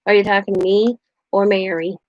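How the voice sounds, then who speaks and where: A woman's voice: mid-range voice, fairly even intonation, fairly quick, darkish tone, lo-fi sound. A woman hosting a casual craft livestream, rambling through stories and laughing often. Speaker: craft channel host.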